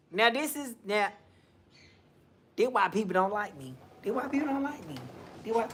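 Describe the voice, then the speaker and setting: A man's voice: very high voice, bright, forceful tone, slightly rough. A man doing sassy, swearing gossip commentary on a live stream. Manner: sassy, swearing, drawn-out exclamations.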